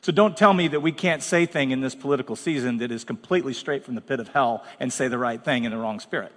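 A man's voice: mid-range voice, quick pace, fairly bright tone, long reverb tail. A man preaching as pastor, talking bluntly and conversationally with dramatic asides. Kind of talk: sermon. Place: large church hall.

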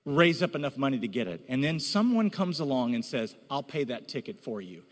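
A man preaching in a church, his fairly high voice swinging widely in pitch. He moves from easy storytelling to emphatic calls to the congregation. The sound carries a long hall reverb. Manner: animated, rising to emphatic exhortation. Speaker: pastor. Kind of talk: sermon.

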